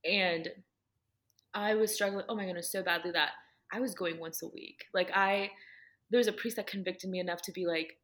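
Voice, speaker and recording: A woman with a somewhat low voice shares heartfelt faith stories in a loose, conversational way. She talks earnestly and leans on "like" as she goes. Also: fairly even intonation, normal speed, fairly bright tone. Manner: earnest storytelling, heavy use of "like".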